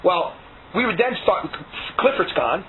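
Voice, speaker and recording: A man's voice: sits high, very animated, measured pace, a crowd in the background. A man telling a long story from his past in a casual, rambling and emphatic way, doing voices for the people he quotes. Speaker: interviewee recounting past. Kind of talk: casual spoken testimony. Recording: tinny phone-like audio with faint hiss.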